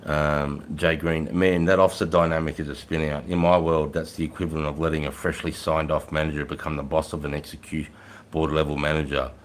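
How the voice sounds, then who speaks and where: A man's voice: a bass voice, flat delivery, brisk, a little hiss or hum. A middle-aged man, a former army sergeant telling blunt, profane war stories on his own livestream. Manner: blunt and heavily profane, rising loud when quoting himself. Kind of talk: casual storytelling livestream.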